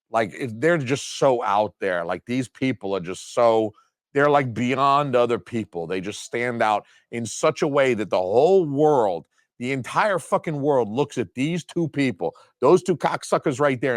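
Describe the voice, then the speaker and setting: A man's voice: moderate pace, no echo, studio quality. Profane ranting man. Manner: swearing, animated, jumps up and down in pitch. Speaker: video host reviewing disc releases. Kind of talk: profane comedic rant.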